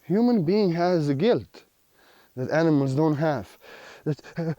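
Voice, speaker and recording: A man's voice: on the high side, expressive, unhurried, pauses often, warm tone, no echo. A man giving a spiritual teaching monologue, earnest and repetitive, with slightly unidiomatic phrasing.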